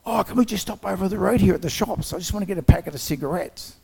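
A man voicing a troubled former builder who is grateful and apologetic, speaking in an earnest, halting way. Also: sits high, creaky, warm tone, slightly rough, pitched above the performer's own voice, heavily acted. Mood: eager.

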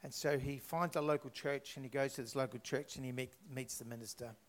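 A man's voice: mid-range voice, steady tone, fairly quick. A man leading a church prayer and telling a faith story, chatty and rambling with fillers and restarts. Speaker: church speaker.

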